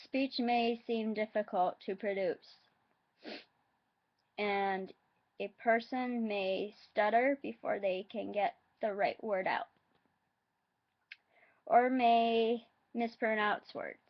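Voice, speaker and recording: A woman vlogger reading facts aloud in a halting, hesitant way, adding her own asides. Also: mid-range voice, fairly even intonation, highs cut off.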